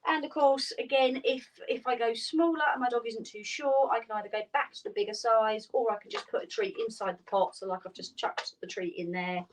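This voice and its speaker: A woman's voice: steady tone, brisk, hardly any pauses, a little hiss or hum. Woman teaching dog training, mic far off. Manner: clear, practical explaining, breaks into high praise for the dogs. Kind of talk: instructional video.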